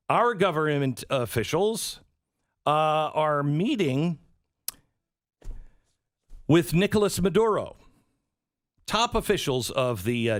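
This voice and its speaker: A man's voice: on the high side, no echo. A man hosting a political talk show, sarcastic and prone to acting out the voices he quotes, on a studio mic. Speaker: radio show host.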